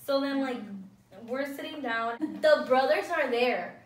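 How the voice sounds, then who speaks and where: A woman's voice: high voice, a little slow. A young woman vlogger casually telling a storytime between bites, with lots of "like" and quoted dialogue. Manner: animated retelling with lots of "like". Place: indoors, eating at a table. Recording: echoey room from a distance with some noise.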